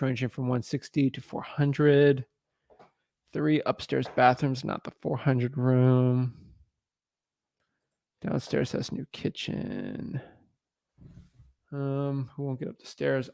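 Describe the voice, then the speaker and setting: Young male wholesaler, gravelly, dry mic, casual thinking aloud. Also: medium pitch, a little mellow, no echo. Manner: thinks aloud with fillers, upbeat on the phone. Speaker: real estate wholesaler cold calling. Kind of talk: casual live commentary and cold call.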